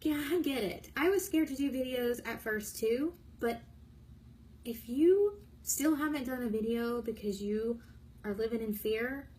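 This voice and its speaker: A young woman giving an energetic, blunt motivational training talk to camera, bubbly and emphatic. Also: a little high, measured pace, slight background noise, low-quality recording. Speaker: direct sales trainer.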